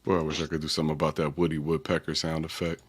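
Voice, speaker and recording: A man's voice: extremely low pitch, completely flat delivery, racing, breathy edge. A man co-hosting a casual sports chat, laid-back, reading out game stats. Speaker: show co-host.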